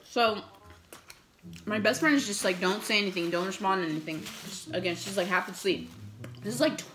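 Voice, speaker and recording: A young woman vlogs a storytime while eating, swearing a lot and acting out the messages she received. She's animated and brisk, with a mid-range voice.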